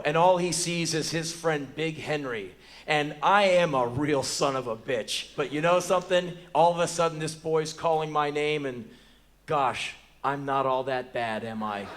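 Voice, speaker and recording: An American man in his forties telling a profane, animated story as live spoken word on a theater stage, bursting into shouts now and then. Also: a little high, a little slow, a little hiss or hum. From United States. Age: 40s.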